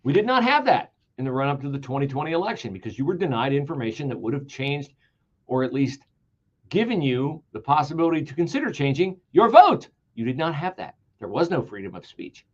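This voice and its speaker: A male talk radio host in full monologue, his pitch leaping high and dropping low as he hammers each point. He is sarcastic and emphatic, and he repeats key words to drive them home. The broadcast sound is a little dull. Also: very animated, a little fast, a little mellow.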